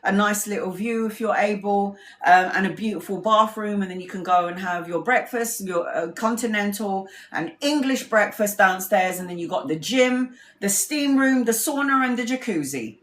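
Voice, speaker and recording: A woman's voice: mid-range voice, moderate pace, few pauses, a bit bright. Candid, rambling woman tarot reader in a roomy space. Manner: candid, rambling, swears freely. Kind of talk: casual livestream storytelling. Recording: roomy echo.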